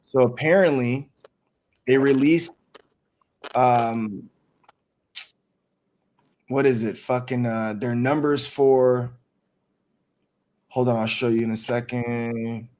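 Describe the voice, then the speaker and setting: A man hosting a casual livestream, talking excitedly and cursing freely. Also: medium pitch, slow pace, long pauses, a little hiss or hum. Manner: excited, profane, hyped up. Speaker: stream host.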